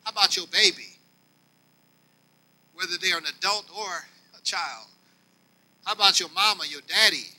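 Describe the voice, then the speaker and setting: Male pastor, older, folksy sermon delivery with a high, very bright tone. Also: moderate pace, pauses often, poor audio. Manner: preaching with swings between soft and loud; folksy, talks directly to the congregation.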